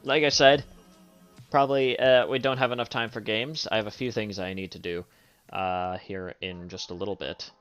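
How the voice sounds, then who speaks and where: Reacting to a video on stream, a young man curses freely, leans on fillers and laughs hard. His lowish voice is steady, smooth and a bit bright at a normal pace, while the dull-sounding audio carries soft background music.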